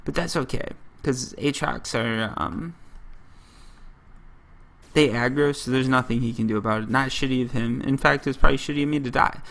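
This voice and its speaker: A man from the United States hosts a gaming channel, giving rambling gameplay commentary in a mid-range, gravelly, slightly bright voice at a moderate pace. He keeps interrupting himself, breaking off mid-story, and leans heavily on the word "like."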